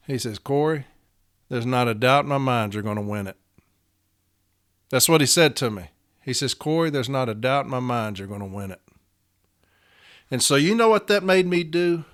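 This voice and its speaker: A man hosting a union podcast, speaking in an impassioned monologue with an emphatic, repetitive, preacher-like cadence that swings between loud declarations and quiet storytelling. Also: on the high side. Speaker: union steward and podcast host.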